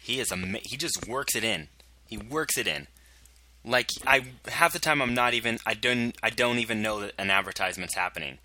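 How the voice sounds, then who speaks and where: A man's voice: on the low side, a little fast, sharp tone, no room sound. A man giving a casual, rambling podcast intro and plug, self-deprecating about it. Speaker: network intro host.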